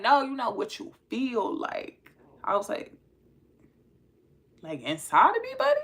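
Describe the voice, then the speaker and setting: Young woman host, bright lively voice, casual storytelling. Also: high-pitched, moderate pace. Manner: animated, laughing, slangy. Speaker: host telling a dating story.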